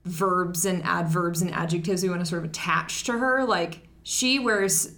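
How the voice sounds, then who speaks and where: A woman's voice: on the low side, normal speed, a bit bright, reverberant. A woman co-hosting a podcast, talking casually with lots of fillers and a sarcastic edge. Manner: chatty, many fillers, sarcastic. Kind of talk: casual chat.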